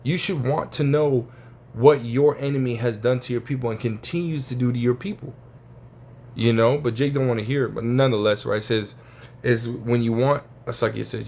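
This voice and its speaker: A man's voice: medium pitch, fairly even intonation, normal speed, darkish tone. A man giving an informal religious teaching, talking casually and profanely and tagging his points with "right?" and "man". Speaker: scripture teacher.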